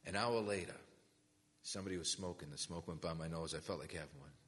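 Casting: low, bright-toned male preacher, storytelling testimony, big hall reverb. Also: fast. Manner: storytelling, acts out quoted voices. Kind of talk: testimony sermon.

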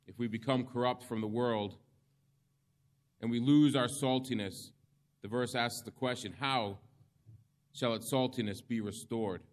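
A man preaching a sermon, reading scripture in slow, measured phrases with emphatic pauses. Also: medium pitch.

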